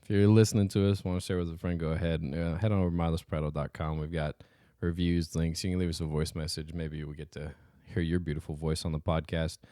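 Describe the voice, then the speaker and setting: A man's voice: rumbling low, flat delivery, quick pace, mellow, smooth, no room sound, clean studio sound. A man co-hosting a casual podcast, laid-back and joking, often trailing off and restarting mid-sentence. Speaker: podcast co-host. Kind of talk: casual chat.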